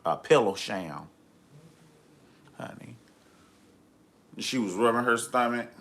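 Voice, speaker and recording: A man's voice: mid-range voice, takes it slowly, vocal fry, a bit bright. A man hosting a live reality TV review, talking in a sassy, campy, gossipy way. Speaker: host of a live review show.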